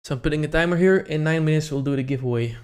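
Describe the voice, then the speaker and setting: A man's voice: fairly high pitch, racing, clear, resonant tone. A young man on a casual live stream, chatting to his viewers and reading out their names one by one. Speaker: livestreamer running a giveaway.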